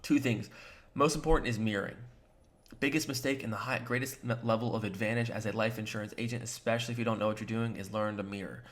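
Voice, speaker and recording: A man's voice: lowish voice, fairly even intonation, fast talker. A man giving a motivational coaching talk to new sales agents. He speaks in an emphatic, direct way, addresses the listener straight on, and acts out short quoted lines with shifts in tone. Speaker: sales trainer and agency co-founder.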